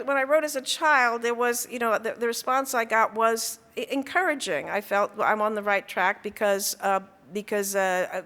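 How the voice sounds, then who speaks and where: Speaking in a hall with long reverb, a woman author tells stories from her writing career at an event. Her medium-pitched voice has a sharp edge, and her talk is halting, full of fillers and restarted sentences.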